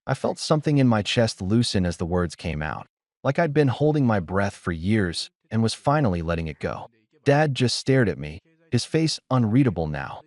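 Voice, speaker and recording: A man narrating a first-person story in a measured, dramatic storytelling manner. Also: lowish voice, sing-song, no room sound.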